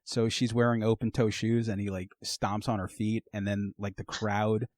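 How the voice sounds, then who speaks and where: Low-voiced man hosting a casual podcast. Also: moderate pace, no room sound, studio quality. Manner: animated storyteller, swears freely, laughs mid-sentence. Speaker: podcast host. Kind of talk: casual phone conversation. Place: at home. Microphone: phone call.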